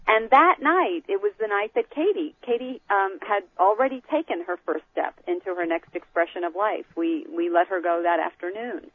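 A woman guest telling an animated personal story, acting out quoted lines, over a call. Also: mid-range voice, moderate pace, hardly any pauses, a little hiss or hum. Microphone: phone call. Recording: tinny phone line.

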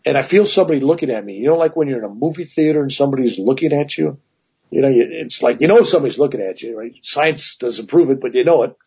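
A man's voice: mid-range voice, fast talker, slightly rough, muffled recording. A man telling long personal stories as a guest in a casual interview, with many asides. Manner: rambling, animated anecdotes with many "right?" asides.

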